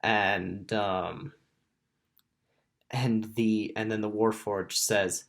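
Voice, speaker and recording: Brief: male game master, slow, halting narration, mid pitch. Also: fairly even intonation, vocal fry. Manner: halting, many restarts and ums. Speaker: dungeon master.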